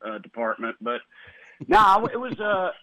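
A man with a Southern US accent talking as a guest, chatty and animated, with lots of "like". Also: high-pitched, a little slow, dry recording. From Tennessee, US South. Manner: animated, chatty, heavy use of "like". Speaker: guest author. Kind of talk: casual chat. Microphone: phone line. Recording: tinny phone line.

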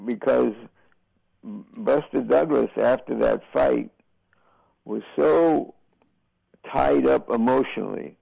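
An older man, a boxing broadcaster, answering interview questions in a slow, halting, reflective way with many fillers. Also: medium pitch, gravelly, mellow, slightly rough, no echo, muffled recording.

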